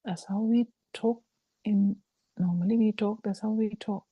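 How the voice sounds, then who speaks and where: A woman giving a slow, halting Buddhist dharma talk over a video call, with frequent fillers. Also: medium pitch, fairly even intonation, slightly rough, dry recording, dull audio. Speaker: Buddhist teacher.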